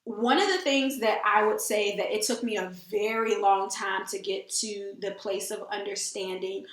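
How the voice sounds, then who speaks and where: A woman's voice: mid-range voice, fairly even intonation, moderate pace. A woman hosting a casual faith talk, earnest and emphatic, often repeating phrases. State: teary. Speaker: host. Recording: echoey room.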